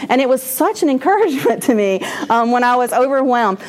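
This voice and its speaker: Candid woman with a higher voice. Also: lively intonation, fairly quick, hardly any pauses, a little mellow. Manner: candid and rambling, with frequent restarts and laughter. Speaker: speaker at a church moms' class. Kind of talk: personal testimony talk.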